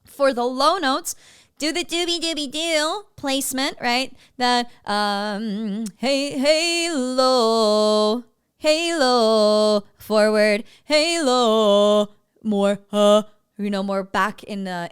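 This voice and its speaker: Female vocal coach, smooth resonant tone, slightly high, chatty feedback with sung examples. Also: fairly bright tone. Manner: explains in a chatty way and sings short demo phrases. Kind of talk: coaching feedback on singing clips.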